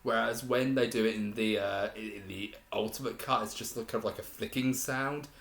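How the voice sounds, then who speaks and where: A young man with a fairly low voice talks through a film review, rambling and hesitant, often stopping to restart a thought. His voice carries a noticeable room echo. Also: steady tone, moderate pace, vocal fry, a bit bright. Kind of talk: casual spoken review.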